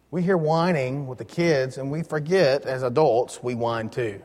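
A man's voice: mid-range voice, moderate pace, hardly any pauses, a little mellow. Guy teaching a bible lesson, chatty, punches key words, big hall echo. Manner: conversational, joking, stressing key words.

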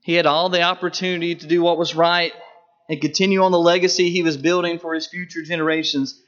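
High-voiced emphatic male preacher. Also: little pitch movement, quick pace, a bit bright. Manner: emphatic, rises and drops sharply for stress. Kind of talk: sermon. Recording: dull lo-fi recording.

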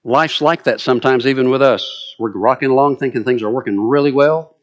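A man with a Southern US accent preaching a sermon, acting out scripture quotes with lively, dramatic delivery. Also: medium pitch, fairly quick, highs cut off. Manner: animated, dramatic quoting of scripture.

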